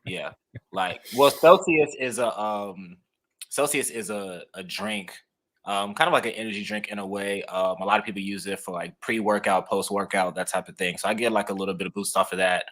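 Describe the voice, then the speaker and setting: A young man co-hosting a sports podcast in a laid-back, measured way, with frequent ums. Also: on the low side, fairly bright tone. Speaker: sports reporter, podcast co-host. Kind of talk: casual sports podcast chat.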